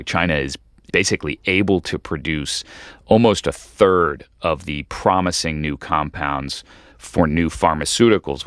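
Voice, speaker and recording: Deep-voiced man, measured journalist guest. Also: fairly bright tone, dry recording, studio quality. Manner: measured, explanatory, with occasional restarts. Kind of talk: radio interview.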